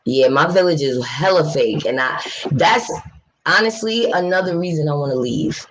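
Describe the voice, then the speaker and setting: This New York City livestream host has a low, animated voice and speaks at a moderate pace, with slight background noise on a rough recording. She chats casually and bluntly with viewers, reading their messages aloud, swearing freely and talking with passion.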